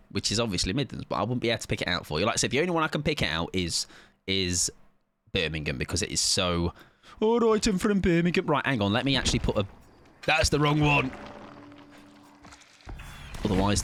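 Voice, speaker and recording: A lowish, slightly bright male voice with no echo, picked up by a desk mic at his PC. He's streaming a game, reading out chat and rambling casually, with swearing and laughs.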